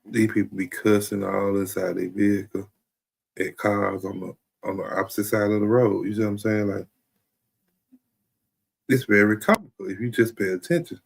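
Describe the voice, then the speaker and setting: A man with a gravelly, fry-edged voice riffs through a casual comedic monologue. His pitch sits a little low, and he keeps looping back with "you feel me" as he talks to his stream audience. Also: steady tone, normal speed. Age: adult. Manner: rambling, repeats "you know what I'm saying". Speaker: streamer host.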